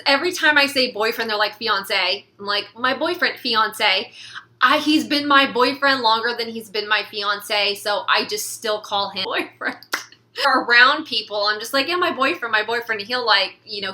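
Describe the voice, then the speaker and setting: A woman's voice: fairly high pitch, moderate pace, bright, forceful tone, slight background noise. A young woman vlogging in a casual, rambling chat to camera, laughing often and filling with "like". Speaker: beauty vlogger.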